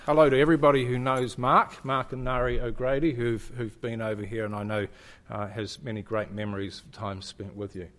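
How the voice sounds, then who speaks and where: Speaking in a steady, mid-range voice at a fairly quick clip, a middle-aged man with a New Zealand accent presents slides to a congregation as a visiting church speaker. He keeps it chatty and jokey, often using fillers and restarting sentences.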